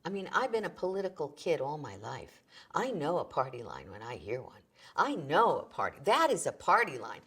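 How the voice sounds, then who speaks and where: Husky woman with a lively voice. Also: low-pitched, normal speed. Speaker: interviewee. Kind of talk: storytelling interview.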